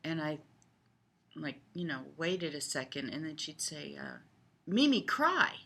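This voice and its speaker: Older woman, slow and bright-voiced. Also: sits low, fairly even intonation, creaky. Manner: unhurried, thoughtful, with frequent ums. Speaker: video blogger on child development. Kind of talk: casual talk to camera.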